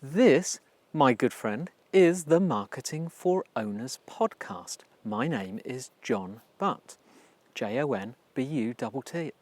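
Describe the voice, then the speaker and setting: A man's voice: medium pitch, expressive, slow pace, darkish tone, no room sound. English male podcast host, casual and talkative, self-mocking, dry studio-close read. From England. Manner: chatty, self-deprecating, repeats words for emphasis. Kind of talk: casual solo podcast monologue. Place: home recording in Canada.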